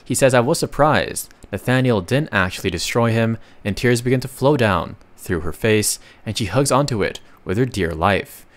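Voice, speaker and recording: A man's voice: medium pitch, animated, moderate pace, hardly any pauses. A man narrating a comic story recap in a casual, chatty way, reading the characters' lines aloud and adding slangy asides.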